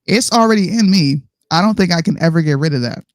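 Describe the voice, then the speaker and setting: A woman with a North Carolina accent co-hosting a casual live-stream chat, slangy and quick to laugh. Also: on the low side, no echo, studio quality. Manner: laughs easily, slangy, relaxed. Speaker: co-host.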